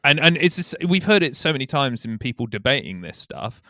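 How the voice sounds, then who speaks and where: A man's voice: medium pitch, sing-song, a little fast, bright, forceful tone, dry recording, studio quality. A man co-hosting a podcast, talking in a rambling, sweary casual chat. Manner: rambling, swears, restarts, laughs easily. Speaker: podcast co-host.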